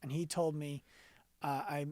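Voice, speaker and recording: A man being interviewed on a podcast as a business coach, telling stories earnestly and going quiet for the emotional parts. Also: a little high, level tone, a little slow, no echo.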